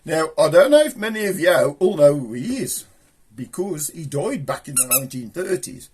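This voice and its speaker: A man's voice: on the high side, very animated, moderate pace, darkish tone, slight background noise. A man with a Black Country accent hosting a puppet show, chatting in broad, cheeky, rambling banter. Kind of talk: comic chat with a puppet.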